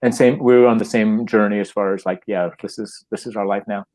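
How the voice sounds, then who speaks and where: Middle-aged man telling a lively story. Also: fairly low pitch, fairly quick. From Canada. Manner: animated, laughing, acting out quotes, many restarts. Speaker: guest playwright and actor. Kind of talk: casual anecdotal storytelling.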